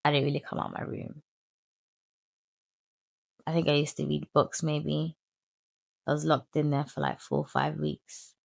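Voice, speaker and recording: A young woman telling her life story in a candid, animated vlog, full of slang and crude asides. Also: sits low, measured pace, gravelly, long pauses, no echo, studio quality. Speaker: vlogger.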